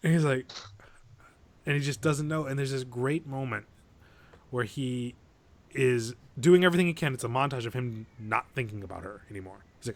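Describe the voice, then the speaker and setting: A man's voice: mid-range voice, moderate pace. A man on a podcast, talking casually and with energy as he retells a movie, swearing freely and acting out lines from it. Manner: animated, swearing, acts out quoted lines. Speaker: podcast co-host.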